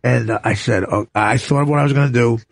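A male comedian telling a stage story in casual chat, animated and shouting his punchlines. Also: mid-range voice, fast, gravelly, no echo.

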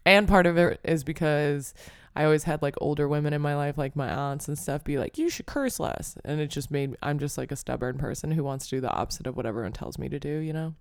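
A woman's voice: low voice, steady tone, fast, gravelly, clean tone, no room sound, studio quality. A young adult woman hosting her own podcast, talking alone in a rambling, self-deprecating way, full of "like" and casual cursing. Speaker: podcast host. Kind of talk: casual solo podcast monologue.

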